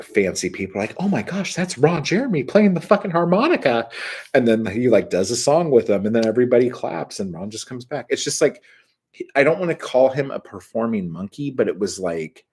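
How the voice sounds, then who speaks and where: A man with a deep, slightly husky voice talks off the cuff, loose and profane. He piles up filler words as he spins stories and reacts to his live chat. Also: a little mellow. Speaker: host answering live chat. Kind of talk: casual storytelling chat.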